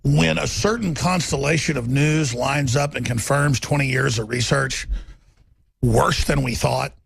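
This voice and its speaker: A man's voice: mid-range voice, a little slow, creaky, husky, no echo. A man hosting a talk radio show, delivering an intense, rambling, emphatic monologue.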